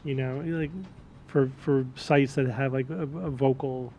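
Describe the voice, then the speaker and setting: A man co-hosting a podcast, explaining things in an animated way and acting out quoted voices. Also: mid-range voice, a little slow, dull audio, slight background noise. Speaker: podcast co-host. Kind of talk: casual chat.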